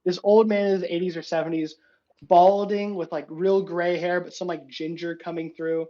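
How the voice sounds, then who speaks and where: A man's voice: high-pitched, flat delivery, normal speed, mellow, dull audio. A man narrating a tabletop game as game master, rambling casually with many fillers.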